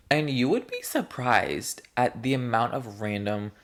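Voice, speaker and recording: A man's voice: medium pitch, normal speed, hardly any pauses. A young man talking straight to camera in a casual vlog, rambling in a playful and candid way and drawing out his words. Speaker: vlogger. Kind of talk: casual chatty vlog monologue.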